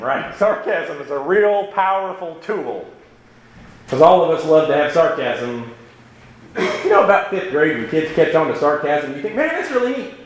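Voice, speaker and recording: A male preacher with a fairly high, very lively voice that rises and falls freely. He talks through his sermon conversationally and keeps tossing in rhetorical asides. The sound carries an echoey room around it. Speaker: pastor.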